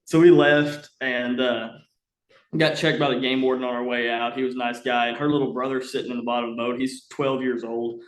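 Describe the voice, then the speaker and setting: A young man rambles through a story in a casual, animated way, with plenty of "uh" fillers. His voice sits at an ordinary pitch and rings out in a roomy, echoey space. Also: fairly quick. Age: young adult. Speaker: podcast guest. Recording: roomy echo.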